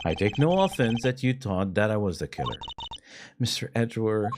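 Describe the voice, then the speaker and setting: A man voicing a composed, formal male prosecutor in a low, measured, precise tone while reading game dialogue. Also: big pitch swings, background noise.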